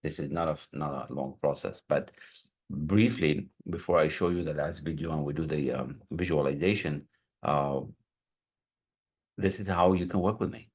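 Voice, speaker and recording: Coach type: very low-voiced man, breathy and husky, loose rambling delivery. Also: moderate pace. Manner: casual, rambling, searches for words. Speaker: business coach. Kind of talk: sales pitch to viewers.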